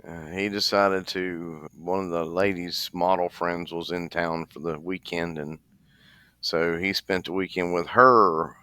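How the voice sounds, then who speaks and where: A man's voice: low-pitched, fairly even intonation, a little slow, pushed and bright, no room sound. A man co-hosting a casual podcast, chatty and jokey, often talking straight to his listeners. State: restless, leg bouncing while seated. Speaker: podcast co-host. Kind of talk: casual chat.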